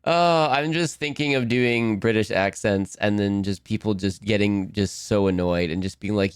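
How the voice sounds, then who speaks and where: A young man, a streamer rambling casually to his chat, self-mocking and quick to laugh. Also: on the low side, smooth, no echo, clean studio sound.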